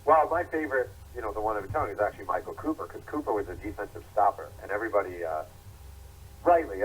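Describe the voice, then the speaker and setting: A man's voice: low voice, a little hiss or hum, poor audio. A middle-aged man, an author guest in an interview, telling stories animatedly and acting out quotes. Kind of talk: interview storytelling.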